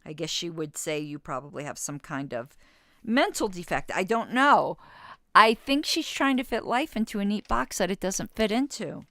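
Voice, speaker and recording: A woman's voice: medium pitch, expressive, normal speed, bright, forceful tone, dry recording, studio quality. A woman in her fifties hosting a podcast, reading passages from an interview aloud and arguing back with blunt disagreement. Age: 50s. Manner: reads quotes then argues back with blunt disagreement. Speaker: podcast host.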